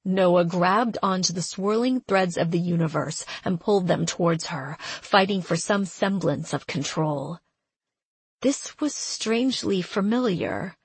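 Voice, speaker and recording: Woman narrator for an audiobook; measured and steady, low-pitched, dry close sound. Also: slightly rough, dry recording. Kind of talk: scripted narration.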